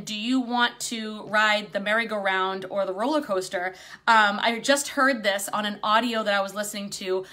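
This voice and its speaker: A woman's voice: medium pitch, bright, forceful tone. A woman in her fifties, a spiritual coach, talking casually to camera, candid, with plenty of swearing and fillers. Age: 50s.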